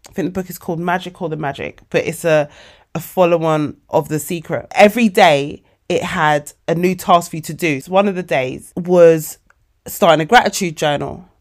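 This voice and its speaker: A woman of forty, hosting a casual motivational podcast monologue, animated and emotional, calling her listeners babes. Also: lowish voice, moderate pace. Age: 40s. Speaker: podcast host.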